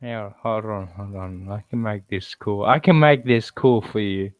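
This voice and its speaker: A man's voice: on the low side, unhurried, no echo. A man chatting casually on an online call, brash and teasing, swearing freely. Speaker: hangout participant.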